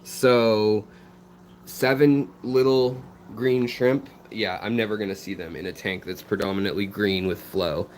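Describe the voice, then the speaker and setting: A man's voice: lowish voice, fairly even intonation, measured pace, slight background noise. An American man hosting a fishkeeping live stream, rambling casually with lots of ums and restarts while he answers viewer messages beside his aquarium tanks. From United States.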